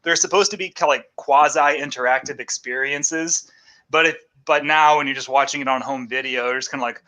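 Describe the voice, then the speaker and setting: A man co-hosting a casual movie chat, animated and crude, laughing as he talks. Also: mid-range voice, brisk. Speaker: podcast co-host.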